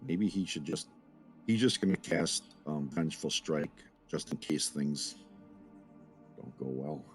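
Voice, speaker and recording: A man's voice: a bass voice, animated, unhurried, faint music behind. A man playing in a tabletop game, thinking aloud with ums as he declares his character's actions. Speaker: player. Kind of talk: casual tabletop game play.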